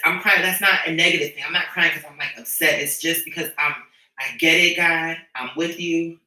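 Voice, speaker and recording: A man's voice: a little high, steady tone, pushed and bright. A man giving an emotional personal testimony, earnest and spiritual, often stumbling and repeating himself as he speaks. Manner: earnest, repetitive, spiritual, halting restarts. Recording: echoey room, distant mic.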